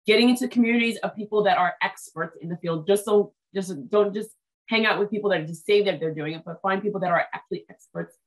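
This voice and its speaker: Enthusiastic woman hosting an interview. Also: medium pitch. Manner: enthusiastic, talks at length with quick restarts. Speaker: host. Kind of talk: casual interview chat.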